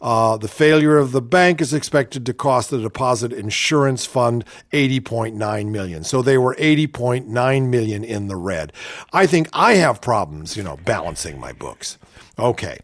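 A male talk radio host with a lively, swinging delivery who reads out news stories and then cuts in with sarcastic jabs. He sounds close and dry on the mic, with no room around him. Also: mid-range voice, normal speed, no echo. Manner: sardonic, reads news items aloud with mocking asides. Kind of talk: political talk radio commentary.

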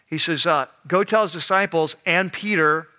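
A man preaching a sermon as a pastor, telling the story in a casual, animated way that drops to a hush for the serious moments. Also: a little high, normal speed. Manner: conversational, animated storytelling with sudden hushed drops.

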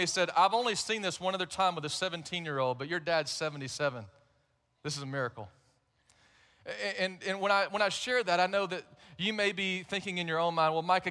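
Bright high-voiced male pastor preaching. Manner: conversational storytelling, warm humor. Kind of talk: sermon. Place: large church.

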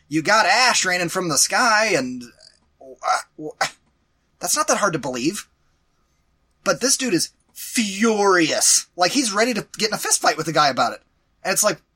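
A man co-hosting a podcast, recapping a movie in animated, exasperated casual chat with some swearing. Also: high voice, breathy edge. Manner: animated, exasperated storytelling with profanity. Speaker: podcast co-host reviewing a movie.

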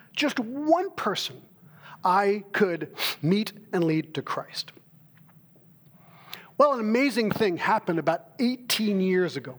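A man with a high voice preaches from the pulpit. He is a middle-aged pastor who tells stories with animated energy and acts out the dialogue. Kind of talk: sermon.

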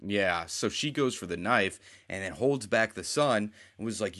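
A man's voice: lowish voice, expressive, normal speed, fairly bright tone. A man co-hosting a casual chat, rambling as he retells scenes and quotes the characters. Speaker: podcast co-host.

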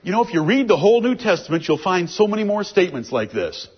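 A man's voice: high voice, big pitch swings, fast, slightly rough. A man giving a verse-by-verse Bible teaching, reading out scripture verses and explaining them with emphasis. It is a dull, lo-fi recording.

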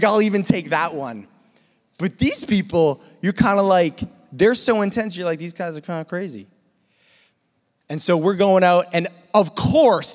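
A man telling a lively personal story in a sermon, sometimes imitating gunfire and shouting. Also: high-pitched. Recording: long reverb of a hall.

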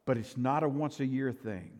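An older male pastor preaching a sermon, emphatic and swinging from loud to soft, in a church sanctuary. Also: mid-range voice, moderate pace. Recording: reverberant church hall.

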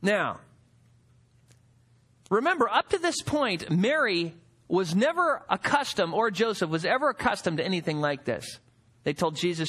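A male pastor delivering a sermon with a high, expressive voice. He swings widely up and down in pitch, reading verses and asking the room rhetorical questions, then dropping into acted-out quotes of the people he describes. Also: a little slow, pauses often, husky.

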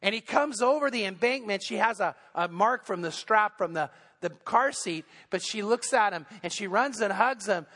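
Male pastor, high voice, earnest storytelling sermon, long church reverb. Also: lively intonation, moderate pace, pushed and bright. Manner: earnest storytelling, building intensity. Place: church sanctuary.

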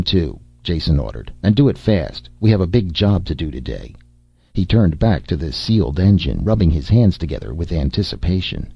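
Deep, husky male audiobook narrator. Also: dry recording. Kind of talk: scripted narration. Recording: dull, dry lo-fi recording.

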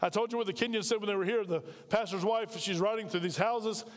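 A man's voice: high-pitched, fairly even intonation, fast talker, long reverb tail. A man preaching a sermon as pastor, talking conversationally and drawing call-and-response from his congregation in a large church. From United States.

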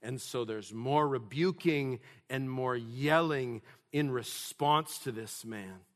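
A man preaching a sermon emphatically, rising to loud, forceful passages. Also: mid-range voice, slow pace.

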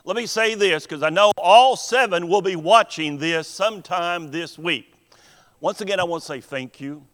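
Preacher, high voice, big hall echo. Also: male voice, a bit bright, clean tone. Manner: earnest, deliberate preaching with emphatic pauses. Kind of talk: sermon. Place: church sanctuary. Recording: long hall reverb in a church.

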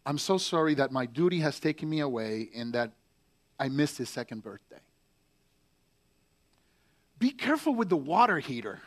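A hurt young Marine pours out bitter, pained words in a letter home, as a preacher reads him aloud. The voice sits fairly high for a man and comes out halting and heavy with anguish. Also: big pitch swings. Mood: tender. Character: angry, heartbroken young male Marine writing home. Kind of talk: letter read aloud in a sermon.

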